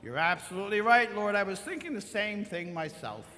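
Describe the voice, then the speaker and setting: A woman's voice: mid-range voice, very animated, brisk, fairly bright tone. A man voicing a devout, kindly older woman parishioner who talks earnestly and eagerly agrees, heard in a reverberant church. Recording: long church reverb, faint room noise.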